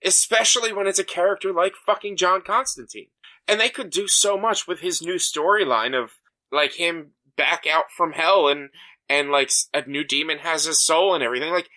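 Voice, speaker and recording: A man's voice: a little high, moderate pace, sharp tone. A young man co-hosting a podcast in casual chat, talking emphatically with many fillers and restarts. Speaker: podcast co-host.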